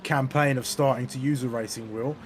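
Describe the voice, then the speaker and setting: A man's voice: medium pitch, fairly even intonation, fairly quick, noisy background. A man as co-commentator on a sim race, giving loose analysis with many restarts. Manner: rambling analyst talk with hesitant restarts.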